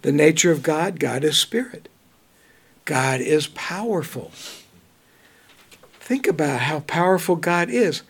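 A man preaching a Bible study, reading verses slowly and then commenting in a relaxed, conversational way. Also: a little high, vocal fry, breathy edge. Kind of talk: bible teaching.

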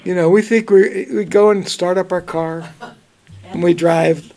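Gravelly, high-voiced man teaching scripture. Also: fairly even intonation, a crowd in the background. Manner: reads scripture slowly, then comments conversationally with chuckles. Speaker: preacher. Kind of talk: bible teaching.

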